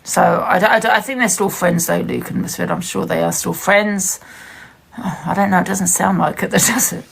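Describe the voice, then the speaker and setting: A woman's voice: fairly low pitch, steady tone, moderate pace, gravelly, breathy edge. A woman giving blunt, emphatic commentary on a live stream, talking straight to her viewers. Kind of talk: casual ranting commentary.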